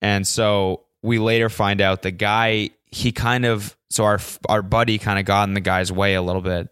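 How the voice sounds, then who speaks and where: A man's voice: on the low side, level tone, moderate pace, a bit bright, clean tone, no echo, studio quality. A young man hosting a solo podcast, telling stories in a casual, rambling way with lots of swearing and fillers. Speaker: podcast host.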